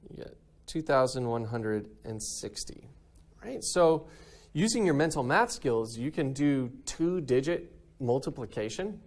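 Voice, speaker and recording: A man's voice: medium pitch, animated, measured pace. A man teaching a recorded math lesson in an upbeat way, often checking in with "right?".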